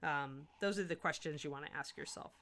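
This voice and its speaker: A woman's voice: low voice, brisk, creaky, a bit bright. A woman from the US Midwest hosting a miniature painting livestream, chatting to viewers as she works. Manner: chatty, talks while working, restarts sentences. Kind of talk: livestream painting tutorial, answering chat.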